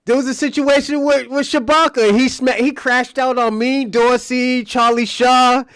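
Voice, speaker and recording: A man's voice: very high-pitched, level tone, unhurried, fairly bright tone, clear, resonant tone, no echo, clean studio sound. A man hosting a live stream, telling crude stories in casual talk and laughing often.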